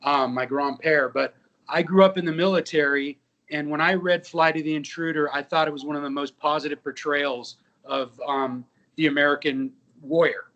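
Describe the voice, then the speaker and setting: A man's voice: fairly high pitch, moderate pace, muffled recording. Man in his fifties telling stories. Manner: lively anecdotes with quoted dialogue. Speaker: actor and musician, guest. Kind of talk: casual interview storytelling.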